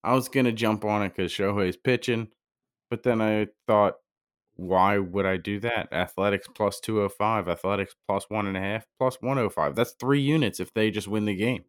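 A man talking through sports bets in a wry, playful way. His voice sits on the low side. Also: moderate pace. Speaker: podcast co-host. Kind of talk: casual sports betting chat.

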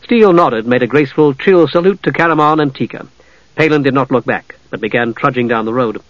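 Male audiobook narrator, measured and even, mid pitch, dull dry recording. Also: no echo. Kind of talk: scripted narration.

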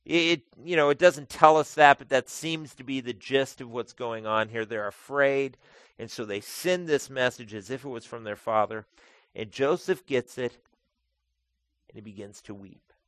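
A man in the middle of a sermon, moving from a measured scripture reading into easy, conversational explanation. His voice sits in an ordinary middle register and comes across close and dry, with almost no room sound around it. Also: medium pitch, a bit bright, no room sound. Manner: reads scripture then explains it in plain, conversational terms. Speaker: pastor. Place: church sanctuary.

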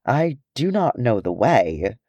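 A man voicing a small, earnest young hobbit in a high, clear voice. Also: big pitch swings, slow, dark tone, no room sound, exaggerated voice. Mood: resolute. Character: young male hobbit, small, pale and resolute.

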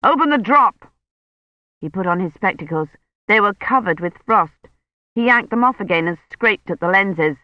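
An audiobook narrator reading a novel in a measured, even scripted narration. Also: mid-range voice, no echo, highs cut off.

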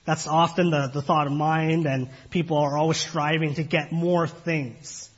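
A man with a slightly husky, somewhat high voice preaches an earnest sermon. He talks in a measured way, stops on fillers and keeps putting questions to his listeners. The recording sounds dull and lo-fi. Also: level tone.

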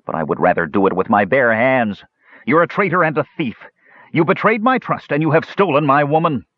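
A man voicing a furious, jealous young male mage in an audiobook, sharp and snarling. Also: medium pitch, sing-song, fairly quick, highs cut off, pitched above the performer's own voice. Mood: angry. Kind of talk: audiobook character voice.

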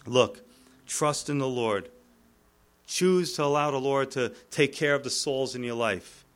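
A male pastor preaching a sermon, retelling the scripture in a lively way and chuckling at the text. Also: mid-range voice, measured pace.

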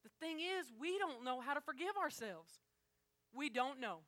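A woman with a high, bright voice preaches a sermon. She talks straight to the congregation, emphatic and conversational, pressing hard on her key lines. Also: lively intonation, moderate pace.

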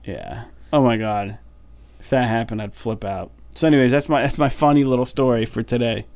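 A man co-hosting a podcast, telling a story in a casual, animated way and sounding fed up. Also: medium pitch, fairly quick, no echo. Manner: animated, exasperated storytelling with many fillers. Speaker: podcast co-host.

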